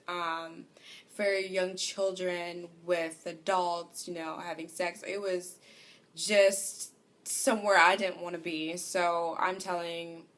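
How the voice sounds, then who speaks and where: A woman telling a personal story, hesitant and full of fillers, her voice growing softer as she goes. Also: fairly low pitch. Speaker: vlogger. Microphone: home recording.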